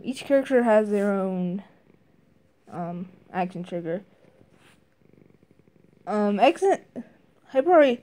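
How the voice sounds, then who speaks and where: A woman casually reviewing a video game, hesitant, with lots of fillers and restarts. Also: warm tone. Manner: briefly mimics game character lines in higher voices.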